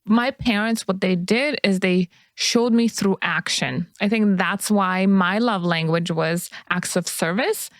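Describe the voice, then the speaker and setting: A woman's voice: medium pitch, unhurried, hardly any pauses, no echo, clean studio sound. A woman co-hosting a podcast, speaking frankly and emphatically in casual chat.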